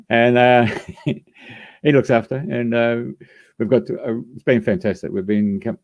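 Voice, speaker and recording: A man's voice: on the low side, dull audio. A man hosting a live radio show, introducing a guest in a rambling way with many fillers. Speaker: radio host.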